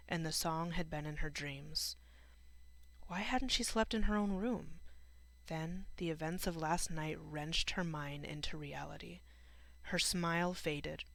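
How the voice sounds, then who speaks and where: A woman narrating an audiobook in a measured, sombre storytelling manner. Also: deep voice, fairly bright tone, dry recording. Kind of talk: scripted narration.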